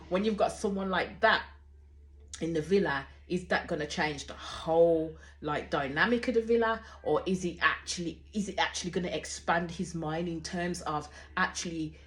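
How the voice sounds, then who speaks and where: Woman, forties, lowish voice, outspoken reality-show reactor who rambles and curses. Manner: blunt, outspoken, swears freely; chatty, rambling with restarts. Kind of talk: casual reaction commentary.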